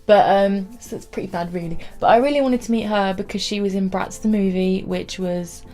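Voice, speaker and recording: A woman's voice: medium pitch, a little fast, warm tone. Brief: young woman, chatty and rambling vlog storytelling, faint music underneath. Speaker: vlogger. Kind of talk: casual storytelling to camera.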